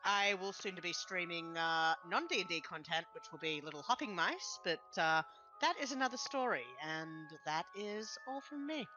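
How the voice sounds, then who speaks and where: A woman's voice: lowish voice, expressive, moderate pace, music in the background. A woman tabletop player chatting casually before a game, cheerful and enthusiastic. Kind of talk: casual stream chat. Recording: muffled lo-fi mic.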